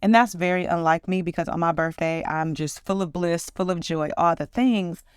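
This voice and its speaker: A podcast host in her forties talks on her own about her life, her storytelling warm, upbeat and reflective. The voice is smooth, on the low side and moderately paced, in a dry, clean studio recording.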